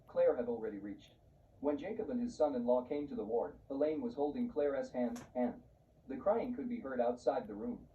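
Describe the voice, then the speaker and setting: Dark, flat male story narrator. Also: medium pitch. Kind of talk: scripted narration. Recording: muffled, distant, faint hiss.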